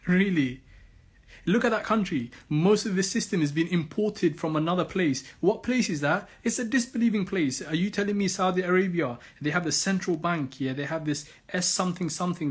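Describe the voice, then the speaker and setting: A man's voice: high voice, breathy edge. A man giving impassioned religious commentary, firing off sarcastic rhetorical questions. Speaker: Islamic commentator.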